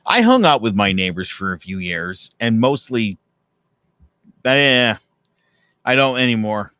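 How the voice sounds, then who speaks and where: A man co-hosting a casual podcast, telling animated stories. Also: on the low side, a little slow, clean tone, no room sound. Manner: animated storyteller who acts out dialogue. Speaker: podcast co-host.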